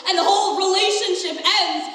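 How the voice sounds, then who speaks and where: A woman's voice: very high voice, brisk, sharp tone. A teenage girl acting a wistful grown man who confides in the audience and rambles on. She is on a school stage in a school musical. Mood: confiding. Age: teens. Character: wistful adult male theatre fan, talkative narrator. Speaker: student actor. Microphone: far room mic. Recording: distant, very echoey school hall.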